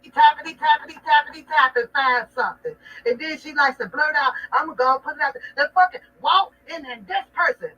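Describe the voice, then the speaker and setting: A woman's voice: high-pitched, brisk, hardly any pauses, pushed and bright, recorded from a distance. A woman hosting a livestream, ranting casually in a mocking, rambling and profane way. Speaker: livestream host. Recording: dull lo-fi sound from off-mic.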